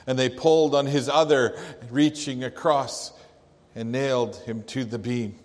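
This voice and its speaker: A man playing a grieving father, slow and hushed. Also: medium pitch, fairly even intonation, close to an everyday voice. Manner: slow, halting, hushed storytelling. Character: grieving Jewish father of a crucified thief. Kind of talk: dramatic first-person monologue. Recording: long echoey hall reverb.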